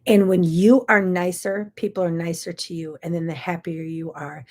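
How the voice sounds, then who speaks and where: A woman's voice: fairly low pitch, fairly even intonation, moderate pace, darkish tone. A middle-aged woman, hosting a chatty, folksy morning talk show. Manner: chatty, folksy, says y'all. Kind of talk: casual chat.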